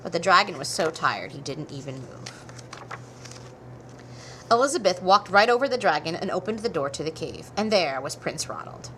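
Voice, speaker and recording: Woman reading a children's story, animated. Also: fairly low pitch, moderate pace, a little hiss or hum. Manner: expressive and animated. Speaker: storybook reader.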